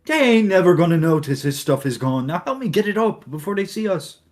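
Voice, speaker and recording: A man voicing a scheming, rough rogue sailor in a tabletop game, talking in a casual, sly, folksy way. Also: fairly high pitch, lively intonation, brisk, a little mellow, voice pushed up. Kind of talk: tabletop role-play.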